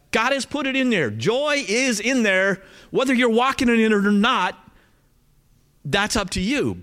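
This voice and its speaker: A male pastor with a Southern accent preaching a sermon, talking straight to his congregation with frequent check-ins. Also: high voice. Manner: animated, talks straight to the congregation with frequent "okay?".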